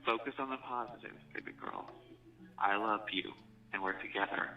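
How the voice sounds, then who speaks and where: A man speaking softly and soothingly to his partner over a jail phone call. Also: on the low side, moderate pace, gravelly. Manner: soft, soothing and affectionate. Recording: muffled phone recording with faint music.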